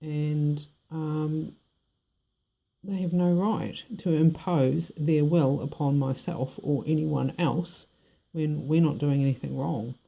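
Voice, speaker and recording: A middle-aged woman with a New Zealand accent tells a personal story straight to camera. Her voice is very dark and mellow with a gravelly rasp, and she talks bluntly and rambles. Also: low-pitched, steady tone, takes it slowly. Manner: blunt, rambling, frank with swearing. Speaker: vlogger. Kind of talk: personal monologue.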